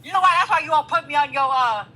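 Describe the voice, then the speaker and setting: A woman arguing heatedly on a live stream, profane and confrontational, with loud outbursts. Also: high-pitched, animated, quick pace, rough recording. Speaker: guest caller.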